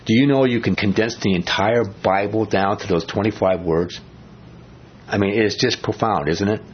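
A man preaching a sermon in a conversational way, asking his listeners questions and going low and slow when he quotes scripture. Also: slightly rough. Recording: dull lo-fi recording.

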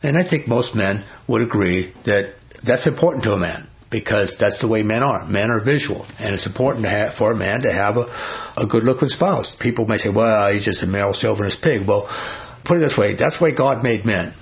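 A man's voice: fairly low pitch, lively intonation, brisk, muffled recording. A man preaching a sermon in a folksy, storytelling way, with frequent restarts and repeated asides.

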